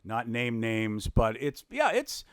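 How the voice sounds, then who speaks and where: A man, a radio broadcaster, telling stories in casual podcast talk, animated, acting out quotes and laughing often. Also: slow, clear, resonant tone, dry recording, studio quality. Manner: animated, acts out quotes with big pitch swings, laughs often.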